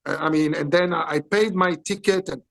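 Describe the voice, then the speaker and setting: Gravelly French-accented older man telling a story. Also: a little high. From Belgium. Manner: animated storyteller, acts out quotes, halting broken English. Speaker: interview guest, actor. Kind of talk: storytelling interview.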